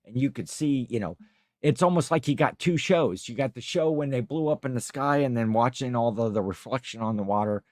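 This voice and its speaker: A man's voice: mid-range voice, expressive, a little fast, darkish tone, no echo, clean studio sound. A man hosting a casual livestream chat, rambling through stories and reading out viewer comments. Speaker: livestream host.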